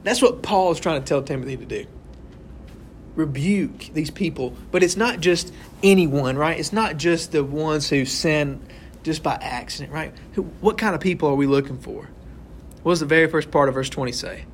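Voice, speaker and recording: A man with a slightly high voice guides an interactive Bible study at a moderate pace, speaking casually, asking the group questions, and finishing thoughts with "right?" He acts out little scenes, and some hiss or hum can be heard.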